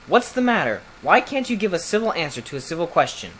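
A reader voicing a huge, angry male fire-breathing drake with a hoarse, grunting voice. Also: mid-range voice, sing-song, quick pace, fairly bright tone, pitched above the performer's own voice. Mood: gruff. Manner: gruff, grunting.

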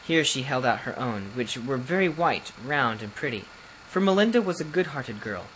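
A man narrating a fairy tale as an audiobook reader, steady and even, with occasional slips and restarts. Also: medium pitch, normal speed, a little hiss or hum, poor audio. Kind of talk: storybook narration.

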